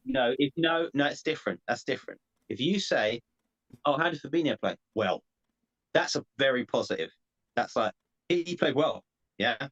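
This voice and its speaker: A man's voice: medium pitch, expressive, moderate pace, a bit bright, dull audio. A man co-hosting a casual football podcast, arguing playfully and laughing often. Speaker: podcast co-host. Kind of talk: casual chat.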